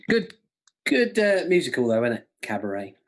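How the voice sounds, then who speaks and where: A man hosting a quiz, jokey and playful, often laughing. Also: a little high. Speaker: quiz host.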